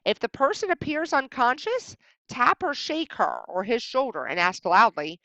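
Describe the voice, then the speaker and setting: A woman teacher narrating a recorded slideshow lesson, speaking expressively and pausing clearly at each punctuation mark. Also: high-pitched, dry recording, dull audio. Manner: expressive, exaggerated pauses at punctuation. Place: indoors at home.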